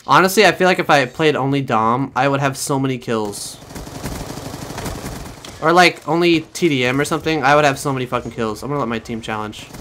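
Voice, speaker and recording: A man giving profane, excitable commentary over his own gameplay and talking to his viewers. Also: mid-range voice, brisk, slight background noise. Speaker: gaming channel host.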